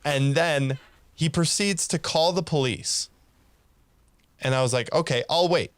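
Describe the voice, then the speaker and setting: A man's voice: on the high side, unhurried, clean tone, no echo. A man co-hosting a podcast, casually telling a rambling story and acting out both sides of an argument. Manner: rambling, animated retelling with laughs. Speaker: podcast co-host.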